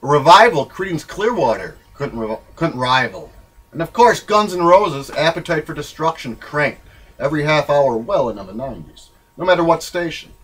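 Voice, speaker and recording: A man reading his own memoir in a rambling, wry, irreverent way, swinging between loud bursts and low mutters. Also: animated, moderate pace, rough recording. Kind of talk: spoken-word memoir reading.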